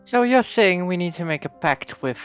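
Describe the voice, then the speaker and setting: High, lively-voiced man player. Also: moderate pace, muffled recording, faint music behind. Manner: playful, teasing. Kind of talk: casual chat.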